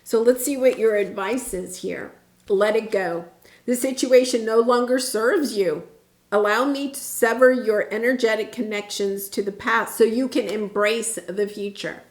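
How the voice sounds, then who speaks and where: A woman's voice: a little high, measured pace, echoey room. Earnest chatty woman tarot reader. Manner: chatty, earnest, reassuring, many fillers and restarts. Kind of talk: casual tarot reading to camera.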